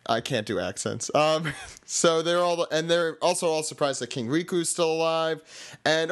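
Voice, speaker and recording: A man's voice: on the high side, measured pace, fairly bright tone. A man hosting a podcast, recapping comics in casual chat, laughing often and reading panel lines in put-on voices. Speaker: podcast host.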